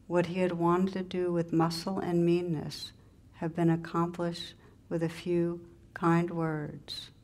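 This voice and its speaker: Speaking in short, pausing phrases, a female meditation teacher tells a story during a spiritual talk, unhurried and gentle. Her pitch is fairly low and her tone stays level.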